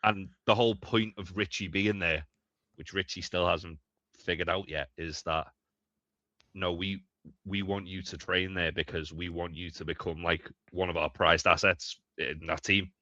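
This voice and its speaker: A man's voice: low-pitched, steady tone, moderate pace, pushed and bright, no room sound, lo-fi sound. A man co-hosting a casual review podcast, laying out his point step by step. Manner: thoughtful, builds an argument step by step.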